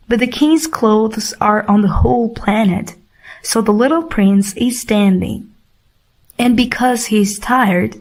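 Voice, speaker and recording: A woman reading a storybook audiobook aloud for learners in a clear, measured way. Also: medium pitch, a little mellow. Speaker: audiobook reader. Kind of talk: slow storybook narration for learners.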